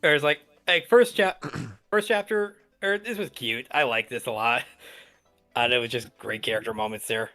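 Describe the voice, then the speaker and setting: A man's voice: medium pitch, moderate pace, bright, forceful tone, faint music behind. A man co-hosting a podcast, chatting in an easygoing, hesitant way and steering the talk back on track. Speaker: podcast co-host. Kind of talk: casual chat.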